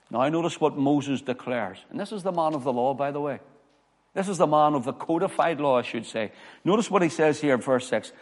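A man's voice: medium pitch, expressive, moderate pace, darkish tone. A man preaching a sermon as pastor, reading scripture with emphasis and telling personal stories. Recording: long hall reverb.

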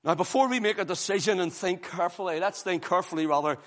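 A man's voice: high-pitched, fast. Emphatic preacher man in a reverberant hall. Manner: emphatic, repeating phrases with rising force. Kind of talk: sermon.

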